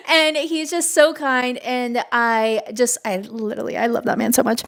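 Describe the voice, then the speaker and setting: A woman's voice: on the high side, moderate pace, few pauses, a bit bright. Chatty young woman podcast host. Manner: chatty and gushing, heavy use of "like" fillers; often emotional and giggly. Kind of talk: casual solo storytelling.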